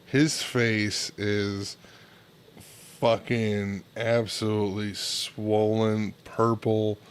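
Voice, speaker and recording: A man co-hosting a casual online talk show, telling a story haltingly with swearing and laughter. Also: fairly low pitch, little pitch movement, clean tone. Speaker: podcast co-host. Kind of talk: casual chat.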